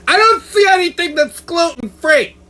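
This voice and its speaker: A man's voice: extremely high pitch, animated, moderate pace, sharp tone, pitched above the performer's own voice, heavily acted. A man mimicking a fussy woman customer who complains about the food. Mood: whiny. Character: fussy whiny woman customer demanding gluten-free.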